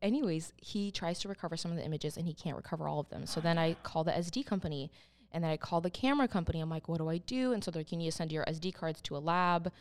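A woman, a wedding photographer and podcast guest, telling stories in an animated way and acting out what people said. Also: lowish voice, racing. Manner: animated storyteller, acts out quotes. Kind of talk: casual podcast chat.

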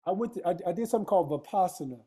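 A man's voice: high-pitched, animated, rapid-fire, dark tone, husky. A man telling a personal story in casual conversation, emphatic and street-casual, full of rhetorical questions to his listener. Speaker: guest.

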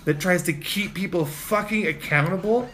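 A man in casual chat, telling a road-rage story with lots of swearing and shouted impressions of himself. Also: high voice, moderate pace. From Spokane, Washington. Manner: animated, profane, mimics people in shouts. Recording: faint ambient noise.

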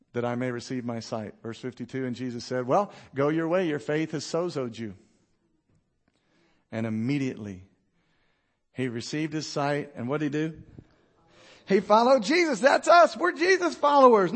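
Man, pastor, sermon, high voice, animated, acts out characters, drops quiet for emphasis.

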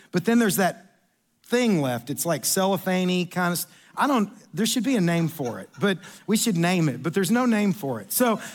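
A man telling a rambling, self-deprecating story in a sermon. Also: high-pitched.

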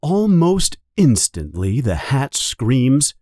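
A man narrating a storybook in an expressive reading manner, jumping high for characters' calls. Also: takes it slowly, dry recording, studio quality.

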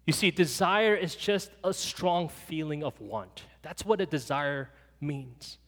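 A man's voice: fairly high pitch, takes it slowly. A man preaching a sermon as pastor, earnest and pleading, leading the church in prayer. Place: church hall. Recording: long reverb with soft guitar music behind.

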